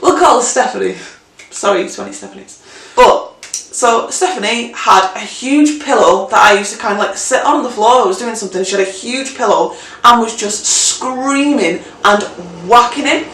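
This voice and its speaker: A young woman telling a story in a casual vlog, animated and chatty, swearing freely. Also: a little high, normal speed, distant mic. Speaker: vlogger. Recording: roomy, mic set back.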